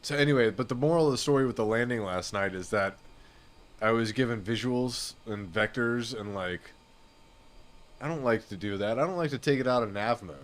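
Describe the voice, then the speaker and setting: A man's voice: mid-range voice, a little fast. A man chatting casually on a live flight sim stream, rambling and laid-back, often saying "dude" and "you know what I mean.".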